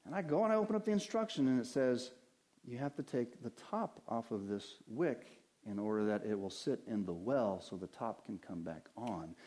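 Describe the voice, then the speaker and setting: A pastor preaching a sermon in a conversational way, mixing scripture with homely stories and rhetorical questions. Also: male voice, mid-range voice, expressive, normal speed, dark tone.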